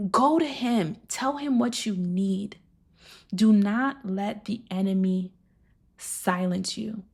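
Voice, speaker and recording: A woman delivers a personal testimony sermon in an earnest, emotional way, often sinking to a near whisper. Her voice is husky with a gravelly edge. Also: mid-range voice, a little mellow. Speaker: speaker giving a devotional message.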